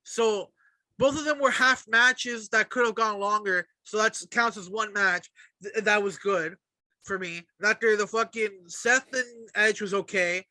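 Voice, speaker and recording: Man, podcast co-host, high and very bright voice, profane heated rant, dry close sound. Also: fairly even intonation, unhurried, no echo. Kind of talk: casual wrestling chat.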